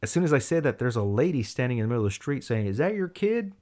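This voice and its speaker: A man casually telling a story, acting out the people in it with big jumps in his voice. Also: rapid-fire. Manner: animated, acts out quoted voices with big pitch jumps. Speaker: storyteller in a chat.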